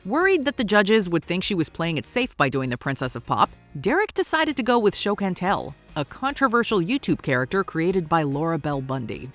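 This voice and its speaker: A narrator reads a scripted countdown with a wry, teasing edge. The voice moves lively up and down in pitch at a middle level. Faint music plays underneath. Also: a little fast, few pauses.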